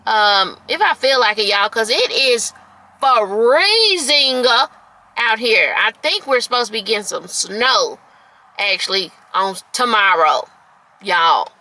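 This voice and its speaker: A woman, chatting excitedly to viewers while filming a casual vlog outdoors and in a store. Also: a little high, takes it slowly, low-quality recording. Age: late 30s. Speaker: vlogger. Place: outdoors, then inside a discount store. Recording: music playing behind her.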